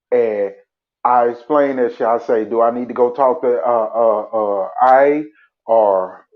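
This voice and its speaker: A man's voice: mid-range voice, narrow, tinny audio. A man telling a rambling, profane story about run-ins with police in casual chat, laughing as he goes.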